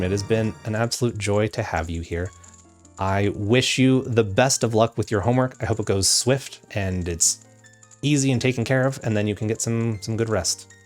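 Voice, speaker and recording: A young man with a fairly low voice chats casually on a game stream. He rambles in a warm, chatty way between play. There is faint music behind him.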